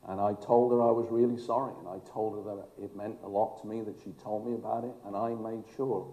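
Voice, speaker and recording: A man's voice: fairly low pitch, level tone, a little fast, lo-fi sound. A man, a former fire chief, telling emphatic stories with dry humor in a speech to an audience. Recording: echoey hall.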